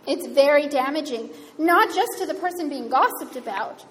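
High-voiced woman preaching in a hall. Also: animated, moderate pace, a bit bright. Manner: conversational, wry and humorous. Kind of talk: sermon. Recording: reverberant hall, faint room noise.

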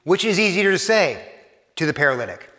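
A man preaching a sermon, earnest, repeating and restarting phrases, often dropping soft for emphasis. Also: sits high, very animated, fairly quick, in a large hall.

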